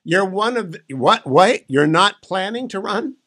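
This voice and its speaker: A man's voice: high voice, expressive, measured pace, sharp tone. A man hosting a radio talk show, interviewing a guest in a chatty, playful way.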